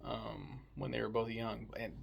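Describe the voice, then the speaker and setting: A man's voice: lowish voice, little pitch movement, a little slow, gravelly, slight background noise. A man casually chatting about a book he read, rambling and swearing freely. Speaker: book reviewer. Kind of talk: casual book review chat.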